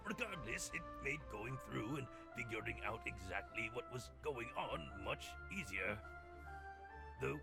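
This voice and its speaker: A man voicing a formal male agent in a deep, gravelly voice, reading game dialogue as a measured report. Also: full character voice. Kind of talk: game dialogue read aloud by a player.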